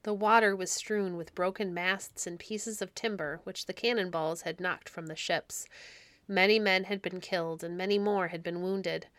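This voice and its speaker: A woman hosting a storytelling podcast, reading classic stories aloud in a gentle, measured way. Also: on the low side, fairly even intonation, no room sound. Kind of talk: storybook read-aloud narration.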